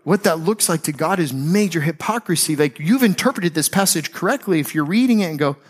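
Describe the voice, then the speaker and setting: A male pastor delivers a sermon in a relaxed, conversational way, breaking into lively storytelling and slangy asides. His voice sits a little high for a man. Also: brisk, husky.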